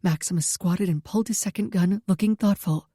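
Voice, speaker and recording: Mellow female audiobook narrator. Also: medium pitch, a little fast, no room sound, clean studio sound. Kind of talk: first-person story narration.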